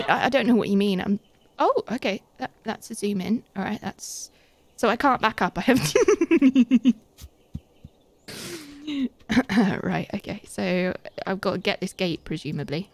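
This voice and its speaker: A woman streaming a game live, chatting casually and squealing with excited giggles. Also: fairly high pitch, unhurried, no echo. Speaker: Twitch streamer.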